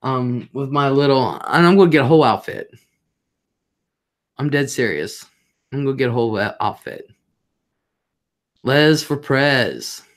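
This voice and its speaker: A woman's voice: rumbling low, lively intonation, unhurried, long pauses. A woman hosting a casual livestream, chatting straight to her viewers in a rambling, talkative way. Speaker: livestream host.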